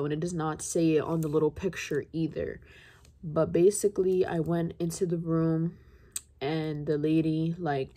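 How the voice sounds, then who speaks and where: Low, mellow-voiced young woman rambling. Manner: rambling, confiding, heavy use of "like". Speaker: vlogger. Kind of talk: casual storytime vlog.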